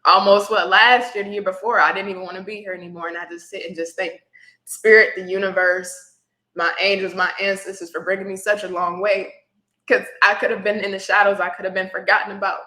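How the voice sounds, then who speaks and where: Woman guest, reflective and emotional storyteller, bright tone, roomy echo. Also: medium pitch, flat delivery, fairly quick. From Houston area. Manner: reflective, gets teary at times. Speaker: tarot reader guest.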